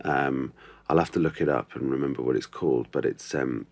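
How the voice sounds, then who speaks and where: Deep-voiced man musing in an interview. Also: fairly even intonation, brisk, dry recording. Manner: thoughtful, restarts often, many ums. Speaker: actor, podcast guest. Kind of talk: casual interview chat.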